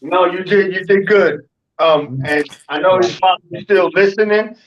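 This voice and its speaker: A man's voice: high-pitched, moderate pace, muffled recording. A man hosting a casual online talk show, laid-back, laughing often and swearing freely. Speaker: podcast host. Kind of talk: casual chat.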